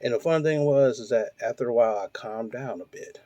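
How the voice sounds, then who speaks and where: A man's voice: mid-range voice, fairly quick, warm tone, no room sound. A man in his forties hosting his own show, delivering a blunt, profane, heated rant full of rhetorical questions. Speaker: host. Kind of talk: ranting monologue.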